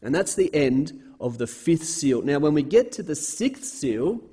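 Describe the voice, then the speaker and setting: Earnest male preacher, fairly high voice, repeats key words, builds force on scripture readings. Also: very animated, measured pace, warm tone, husky. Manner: reads scripture aloud with rising force. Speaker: speaker giving a Bible talk. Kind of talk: sermon.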